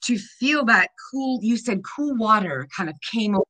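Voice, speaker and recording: A woman's voice: a little high, lively intonation, moderate pace, pushed and bright. A woman speaking earnestly and enthusiastically in a casual podcast conversation. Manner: enthusiastic, earnest, spiritual talk.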